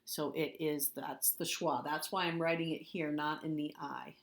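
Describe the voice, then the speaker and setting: A woman's voice: low voice, steady tone, moderate pace, gravelly. A woman teacher giving a recorded spelling lesson, patiently repeating words and spelling them out letter by letter.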